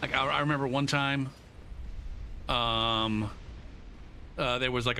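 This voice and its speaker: A man's voice: medium pitch, slow pace, slight background noise. A man streaming a game live, telling a story with lots of swearing and laughter. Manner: profane, animated, laughs often. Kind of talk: live gameplay commentary and storytelling.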